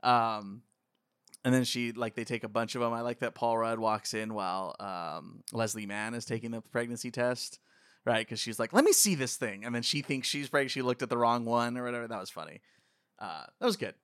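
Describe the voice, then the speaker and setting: A man's voice: medium pitch, fairly quick, fairly bright tone, clean tone, dry recording, studio quality. A man in casual conversation about a film, rambling and laughing as he retells scenes. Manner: rambling, laughs often, quotes scenes in voices. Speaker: podcast co-host. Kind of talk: casual movie commentary chat.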